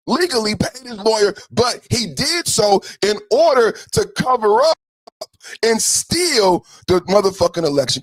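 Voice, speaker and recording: A man hosting a podcast, giving a fiery, profane political commentary rant with mocking jabs and bursts of shouting. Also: high voice, very animated, measured pace, no echo, rough recording. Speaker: podcast host.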